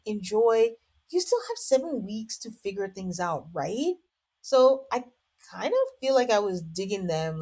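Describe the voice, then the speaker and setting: A woman's voice: a little high, a little mellow. A woman hosting a podcast, giving a casual, amused recap full of "like". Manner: chatty, amused, lots of "like". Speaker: podcast host. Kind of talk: casual reality-show recap.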